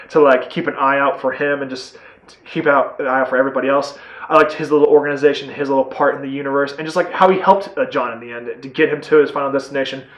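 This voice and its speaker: A man giving a casual, spoiler-filled movie review, rambling and excitable, full of "like" and casual swearing. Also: mid-range voice, roomy sound, low-quality recording.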